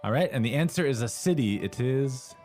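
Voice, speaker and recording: Man, mid pitch, relaxed lesson co-host who asks guiding questions. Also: fairly quick, faint music behind. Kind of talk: language lesson.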